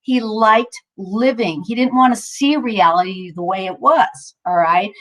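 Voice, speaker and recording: A woman leads mindfulness in a medium-pitched voice, going a little slowly. The instructor is chatty and upbeat, constantly restarting and filling gaps with fillers, and she sometimes sounds winded.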